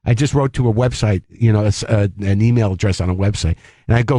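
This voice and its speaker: A man, a comedian and podcast host, telling an animated, rambling story as a guest on a talk radio show, often cutting himself off mid-sentence. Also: fairly low pitch, fast talker, no echo. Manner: rambling, animated, self-interrupting.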